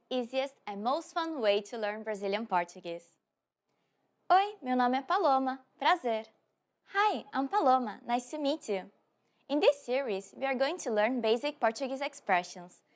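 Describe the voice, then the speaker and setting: A woman hosting a scripted language lesson. She sounds upbeat and slows down to repeat phrases for the learner. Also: high voice.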